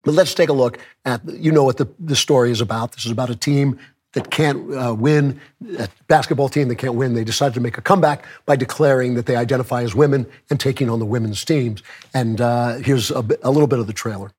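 A man hosting his commentary show with a hoarse, worn voice from a cold, talking conversationally with chuckles and joking asides. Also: mid-range voice, fast, a little mellow. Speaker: podcast host. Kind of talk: opinion commentary monologue.

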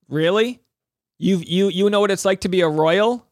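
A man hosting a commentary podcast, talking in an animated, sarcastic way with rambling asides. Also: high voice, measured pace, no room sound, clean studio sound. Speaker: podcast host.

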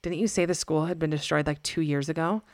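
A woman's voice: low voice, fairly even intonation, quick pace, a little mellow, no echo, studio quality, close to an everyday voice. A woman voicing an earnest, tearful young girl who pleads to be heard. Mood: pleading.

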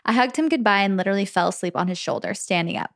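A woman's voice: medium pitch, very fast, creaky, dry recording, clean studio sound. Chatty young woman co-hosting a podcast. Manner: chatty, laughs often, animated storytelling. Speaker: podcast co-host. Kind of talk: casual chat, reading a listener letter.

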